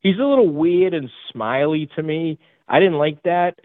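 A man's voice: a little high, normal speed, dry recording. Boston man rambling on a phone line. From Boston area. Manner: rambling, many fillers and restarts. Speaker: caller. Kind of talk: call-in talk. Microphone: phone call.

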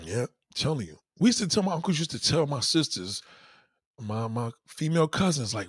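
A man talking casually as a host, his voice slightly husky and set in a dry, close recording. He rants in a loose, profane way, and his pitch leaps around as he acts out the people in his stories. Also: brisk, no echo. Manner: animated, profane storytelling with mock-quoted voices. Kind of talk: casual chat.

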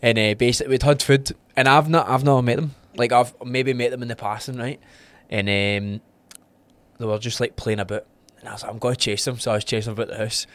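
A Scottish man telling lively stories on a podcast, voicing other people's lines with plenty of laughter. His voice sits at an ordinary male pitch, and the sound is dry and close with no room around it. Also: fast, no echo. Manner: animated storyteller who acts out quotes and laughs often. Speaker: podcast co-host. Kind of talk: casual chat.

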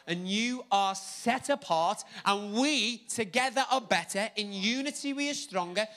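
A man preaching a sermon, animated and jokey, repeating words for emphasis. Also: high voice.

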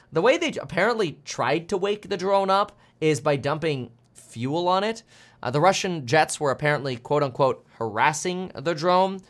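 Guy in his 30s doing a market stream, bit high voice, chatty, cracks jokes, says uh a lot. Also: a bit bright. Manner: chatty, jokey asides, frequent filler. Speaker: host. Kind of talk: casual market commentary livestream.

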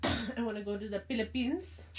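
A woman's voice: on the high side, normal speed. A young woman in casual chat, giggly and blunt, swearing a lot and saying "like" often.

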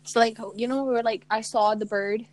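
A woman's voice: a little high, fairly even intonation, poor audio. A young woman co-hosting a casual podcast, giggling often and swearing freely in loose, rambling chat. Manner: giggly, swearing, quick asides. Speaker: podcast co-host. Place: lives in New York.

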